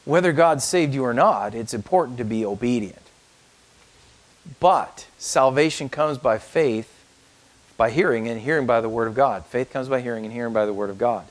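A man preaching a sermon and reading scripture aloud in an earnest manner, lifting his voice on the verses. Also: moderate pace. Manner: earnest, lifts pitch when reading verses.

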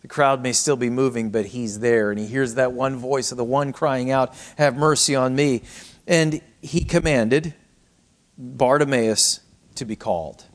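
A middle-aged man preaching a sermon, swinging between raised cries and hushed, almost whispered passages. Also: mid-range voice, unhurried. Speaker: pastor.

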